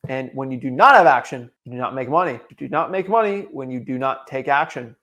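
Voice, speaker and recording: A man's voice: mid-range voice, lively intonation, a little fast, a bit bright. A young man coaching real estate wholesalers, delivering an emphatic, repetitive motivational talk.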